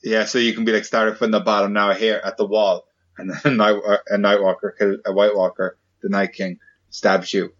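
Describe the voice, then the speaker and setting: A man's voice: on the low side, flat delivery, brisk. Playful male podcast host, lo-fi sound. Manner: playful, keeps asking questions and doing silly voices. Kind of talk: casual chat.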